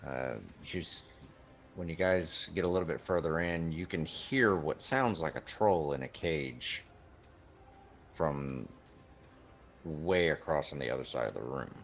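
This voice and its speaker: A man narrating a tabletop game as game master in a relaxed way. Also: a bass voice, measured pace.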